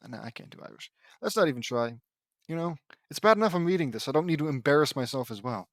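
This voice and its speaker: A man's voice: expressive, fairly quick, a bit bright, no echo, studio quality. A man reading a fan fiction story aloud in a casual way, often stopping to make sarcastic comments about it. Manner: reads lines in a raised pitch and breaks off to comment sarcastically. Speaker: reader of a fan fiction audiobook.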